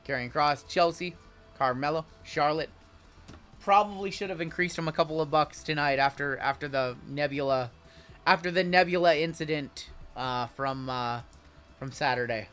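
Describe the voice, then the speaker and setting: A man's voice: on the high side, moderate pace, a bit bright, faint music behind. A man hosting a live card break, chatting with viewers as he calls out cards and spots. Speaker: sports card break host.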